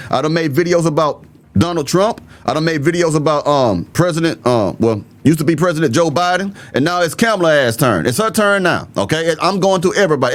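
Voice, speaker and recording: Southern guy ranting straight to camera, kinda high voice, blunt and colloquial, no filter. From Southern United States. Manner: blunt, emphatic, colloquial talk straight to viewers. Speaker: political commentary host. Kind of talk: opinionated video commentary.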